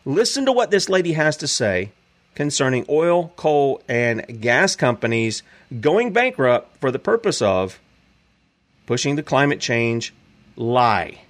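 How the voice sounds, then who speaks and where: A man's voice: mid-range voice, sing-song, measured pace. A man hosting a show, giving emphatic preacherly commentary.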